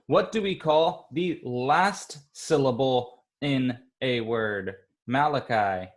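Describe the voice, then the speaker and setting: A male teacher leading an online class, speaking slowly and patiently and encouraging the children. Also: mid-range voice. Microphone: computer mic on a video call.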